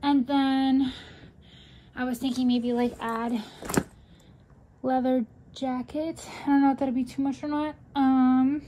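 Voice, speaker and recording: A young woman with a fairly high voice talks slowly as a casual vlogger. She rambles and thinks out loud, scattering "like" through her sentences as she weighs her choices. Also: little pitch movement, slight background noise. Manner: rambling, thinking aloud with many "like"s. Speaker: fashion vlogger. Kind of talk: casual vlog chat.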